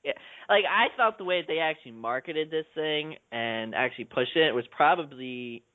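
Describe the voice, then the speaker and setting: Mocking male panelist, slightly high voice; dry, phone-like audio. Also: lively intonation, moderate pace, dry recording. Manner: sarcastic, mocking. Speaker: podcast panelist. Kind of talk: casual movie discussion. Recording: dry, tinny phone-like sound.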